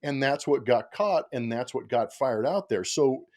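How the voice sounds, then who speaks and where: A man's voice: mid-range voice, expressive, a little slow, a little mellow. A man who works as a baseball broadcaster, a podcast guest telling a story in casual chat, acting out quotes and often laughing.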